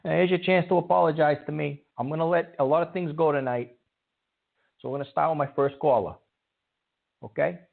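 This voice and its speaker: Man, call-in show host, rambling, halting restarts, gravelly, tinny phone sound. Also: on the high side, fairly even intonation.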